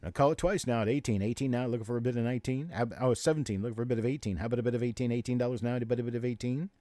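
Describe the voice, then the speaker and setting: A man's voice: medium pitch, fairly even intonation, mellow, no echo. Man rattling off bids at a live coin auction. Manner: rapid, repetitive bid calling mixed with joking chat. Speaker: auctioneer and show host.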